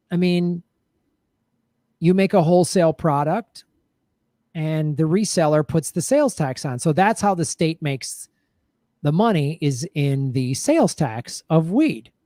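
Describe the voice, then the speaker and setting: A man hosting a loose live-stream show, joking and reading out chat messages in a voice a bit higher than usual for a man. The sound is close and dry, with no room echo. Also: mellow. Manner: jokey, riffing, reads chat messages aloud. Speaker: show host reading viewer comments.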